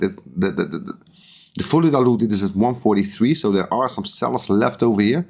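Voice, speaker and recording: Guy livestreaming crypto charts at his desk, keeps repeating himself, gets loud and pushy, mid-pitched voice. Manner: repetitive and emphatic, rising to excited urging. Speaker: crypto trading streamer. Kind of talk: live-stream chart commentary.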